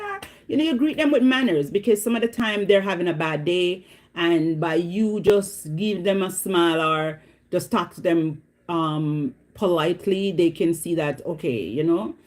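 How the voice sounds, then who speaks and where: A Jamaican woman talks casually to her live viewers, her voice lively and animated. She tells stories with frequent laughter and drifts into chatty asides. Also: on the low side. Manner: animated, laughs often while telling stories. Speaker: livestream host.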